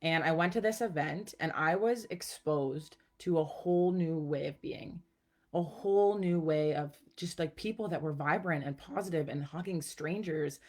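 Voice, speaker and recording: Upbeat chatty woman with a low voice. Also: normal speed, a little mellow. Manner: upbeat, chatty, says "okay" and "guys" a lot. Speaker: personal growth coach. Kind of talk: casual teaching to camera.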